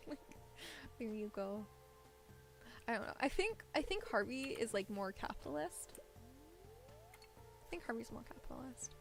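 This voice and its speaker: Creaky-voiced woman chatting through a game. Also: a little high. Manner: chatty, rambling, thinks out loud with little laughs. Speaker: game streamer. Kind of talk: casual gameplay commentary. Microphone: desk microphone set low.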